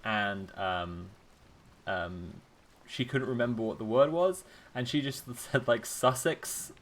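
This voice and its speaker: A man's voice: on the low side, fairly bright tone. A man with an English accent chatting wryly and sardonically on a live game stream. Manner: wry, quick, sardonic.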